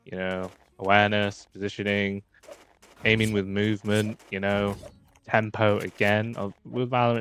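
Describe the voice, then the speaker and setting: Guy with a lowish voice going over his game footage, chatty w lots of ums, some quiet gunshots in the back. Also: gravelly, slight background noise. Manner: chatty, filler-heavy, talks over footage. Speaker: gamer giving tips. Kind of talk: casual gameplay commentary.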